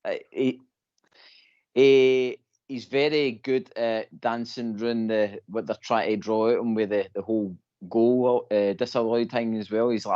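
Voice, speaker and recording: A man's voice: medium pitch, normal speed, darkish tone, no echo, dull audio. A Scottish man calling in to a fan radio show, rambling and repeating himself. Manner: repetitive, keeps saying "like I says". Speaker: caller. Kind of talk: phone-in chat.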